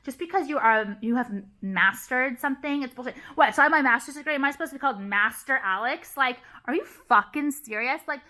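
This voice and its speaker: A young woman talks straight to the camera in a heated, profane rant, repeating her points for emphasis. Her voice sits a little high and rings bright and forceful. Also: brisk, few pauses. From Los Angeles area. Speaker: vlogger.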